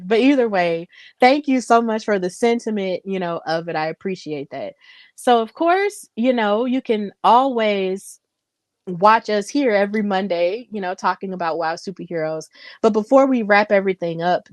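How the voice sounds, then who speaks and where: A woman's voice: mid-range voice, dry recording. Dry-voiced woman co-host wrapping up a show. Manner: warm, grateful, near tears. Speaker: podcast co-host. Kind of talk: casual show wrap-up chat.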